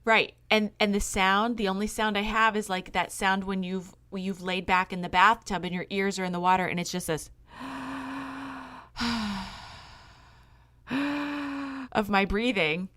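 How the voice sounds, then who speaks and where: A woman's voice: mid-range voice, steady tone, slow, pauses often, pushed and bright. A woman in her thirties, a podcast co-host telling a rambling story in casual chat, laughing as she goes.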